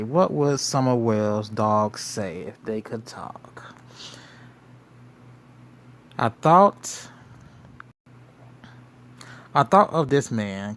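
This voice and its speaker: Male host, casual commentary, unhurried, musing and repetitive. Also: medium pitch. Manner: rambling, musing, repeats himself. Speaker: show host.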